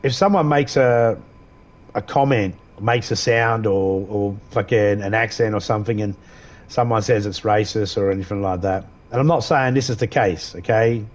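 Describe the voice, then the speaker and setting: Low-voiced man rambling on a game stream. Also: normal speed. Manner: rambling, profane, repeats himself. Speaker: live streamer. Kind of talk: casual chat while gaming.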